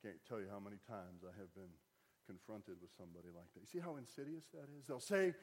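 A man's voice: lowish voice, quick pace, darkish tone, husky. A man preaching a sermon as pastor, conversational and wry, rising to emphatic bursts. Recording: long hall reverb.

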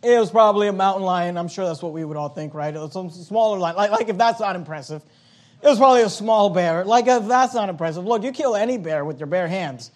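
A man with a high voice delivers a sermon. He reads scripture aloud and explains it with steady, earnest emphasis. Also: brisk. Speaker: pastor.

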